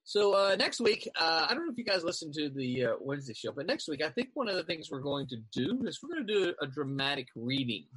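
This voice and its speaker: Bright-voiced host rambling with fillers. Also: male voice, fairly high pitch, fast, hardly any pauses, slightly rough, dry recording. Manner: relaxed, rambling, many fillers. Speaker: show host. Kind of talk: casual online group chat.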